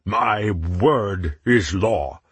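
A commanding chieftain with a stern, measured delivery, as a male narrator reads him. The voice stays low and husky, close to the reader's own. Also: animated, no room sound, heavily acted.

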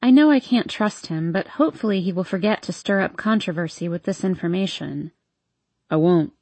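A woman reading a first-person romance novel aloud in a soft, intimate storytelling manner. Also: medium pitch, lively intonation, a little fast, slightly rough, dry recording. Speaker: audiobook narrator.

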